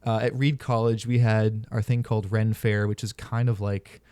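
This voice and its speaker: A man's voice: fairly low pitch, flat delivery, moderate pace, warm tone, smooth, dry recording, clean studio sound. A man hosting a podcast, telling stories in casual, candid and profane chat. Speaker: podcast host.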